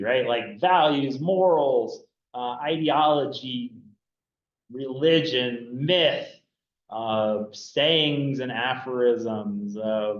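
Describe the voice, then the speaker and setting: A man giving a casual classroom lecture on anthropology, chatty and loose, full of fillers and "right?" checks to the students. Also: mid-range voice. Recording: dull roomy classroom recording.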